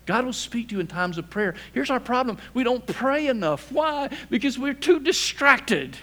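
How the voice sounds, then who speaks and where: An older man, a pastor, preaching a sermon in a folksy, humorous way, sometimes dropping to a hushed near-whisper for emphasis. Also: very high voice, animated, normal speed.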